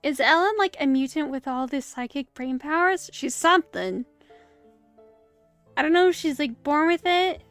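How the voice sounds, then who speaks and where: A woman's voice: sits high, animated, moderate pace, a bit bright, faint music behind. A woman streaming a movie watch-along, chatting casually with rambling asides and self-interruptions. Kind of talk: casual live commentary. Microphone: streaming setup.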